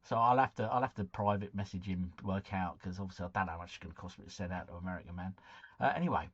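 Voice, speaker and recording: A man's voice: deep voice, racing, slightly rough, no echo, highs cut off. A man hosting a casual live stream at home, chatting and greeting viewers by name. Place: at home, drinking cider.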